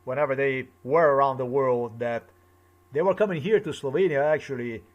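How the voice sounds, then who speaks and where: A man's voice: mid-range voice, moderate pace, lo-fi sound. A man delivering an angry personal monologue, swearing often and repeating himself as he rants. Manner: agitated, profane, repetitive ranting. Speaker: vlogger.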